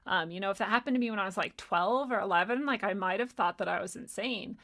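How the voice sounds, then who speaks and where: A woman's voice: mid-range voice, fast talker, a bit bright. A woman hosting a spiritual livestream, talking casually and candidly, swearing freely and laughing often as she rambles through her thoughts and reads out viewer comments.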